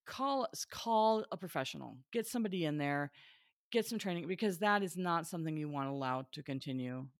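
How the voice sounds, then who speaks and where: Woman dog trainer, fairly low voice, chatty and animated, dry close sound. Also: no echo. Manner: chatty, animated, laughs often. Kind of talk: casual chat.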